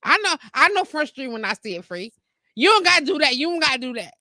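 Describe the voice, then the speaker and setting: Female live-show host, fairly high pitch, lively and talkative. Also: quick pace, no echo. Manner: animated, repeats "you get what I'm saying". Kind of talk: casual live-stream chat.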